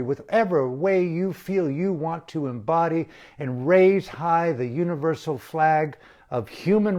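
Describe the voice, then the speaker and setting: A man with a somewhat high voice speaks very slowly and deliberately in an impassioned address. He leans on dramatic pauses and repeats key phrases for emphasis, urging his listeners to act. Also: a little mellow. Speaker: activist speaker.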